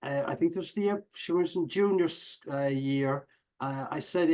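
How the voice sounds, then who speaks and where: A middle-aged man with an Irish accent chats as an interview guest. His voice sits fairly high for a man, and he talks haltingly, with plenty of fillers and self-corrections. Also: darkish tone, low-quality recording. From Ireland. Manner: hesitant, many fillers and restarts. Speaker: guest speaker. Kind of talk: conversational interview.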